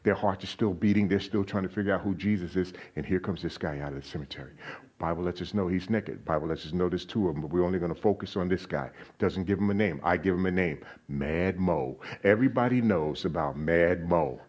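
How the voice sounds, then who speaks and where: A man preaching a sermon as a guest speaker in a church, animated, asking the congregation questions and raising his voice on quoted lines. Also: low-pitched, a little fast, husky. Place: church sanctuary.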